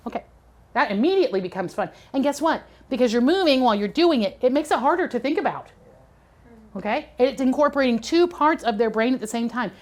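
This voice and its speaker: A middle-aged woman giving a preschool teacher training lecture, chatty and conversational, checking in often with her listeners. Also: medium pitch. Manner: conversational, checks in with "okay?" and "right?".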